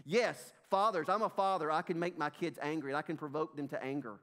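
A middle-aged pastor with a Southern US accent delivers a sermon in a church sanctuary, his voice on the high side, steady, fairly bright, and a little fast. He's emphatic and repetitive, addressing his congregation as "folks."

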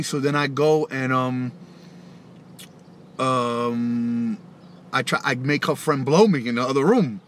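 A rapper hosts a casual live stream, ranting back at viewers' chat comments in a profane, taunting way and laughing often. His voice is a little high, bright and forceful.

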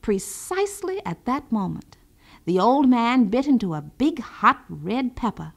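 Animated woman reading a folk tale. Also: fairly high pitch, unhurried, vocal fry. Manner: expressive, animated storytelling. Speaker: storyteller.

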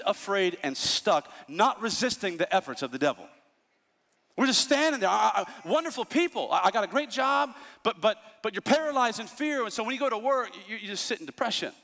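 Guy pastor preaching in a big church, bright high voice, lots of hall echo, animated storyteller. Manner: animated storytelling, lively asides. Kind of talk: sermon. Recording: long hall reverb.

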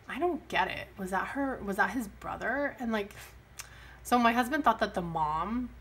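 A woman's voice: mid-range voice, fairly bright tone, a little hiss or hum. A young woman with a light lilt, chatting and rambling as she decorates her planner, often laughing at her own mistakes. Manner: rambling, chatty, self-deprecating. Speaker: planner vlogger. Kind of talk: casual chat while planning.

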